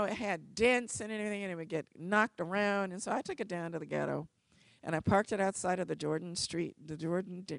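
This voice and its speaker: A woman who is a civil rights lawyer, giving a speech to an audience with wry, animated storytelling. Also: on the low side, creaky, no room sound.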